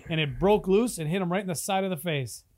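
A man's voice: high-pitched, fast, a little mellow. A man in casual chat who jokes, laughs easily and swears while telling his own story. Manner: laughs a lot, joking, profane.

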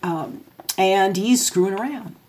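A woman's voice: mid-range voice, unhurried, darkish tone. A woman hosting a podcast, talking casually and chattily about parenting, an extrovert who often laughs. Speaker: podcast host.

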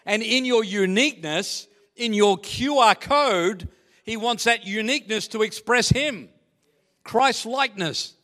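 A man's voice: high voice, unhurried, sharp tone. A man preaching a sermon as pastor, chatty and joking with the congregation. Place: church hall. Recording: echoey church hall.

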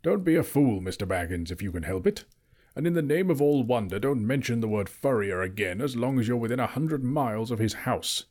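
A man's voice: medium pitch, lively intonation, fairly quick, a little mellow, natural voice. Gandalf, a man voicing a stern old wizard. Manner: emphatic, lecturing. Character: old male wizard, stern and easily cross.

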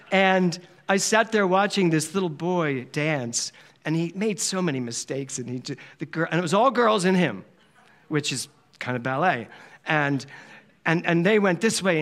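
Man, from Philadelphia, conversational sermon, fairly high-pitched, chatty storyteller who laughs a lot. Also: a bit bright. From Philadelphia, USA. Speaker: minister giving a Sunday talk. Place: church service hall.

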